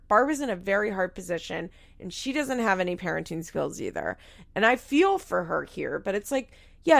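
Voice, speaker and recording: Speaking in a mid-range voice with vocal fry, a young woman recaps a reality show as host. Her take is frank and casual, full of swearing and filler "like"s.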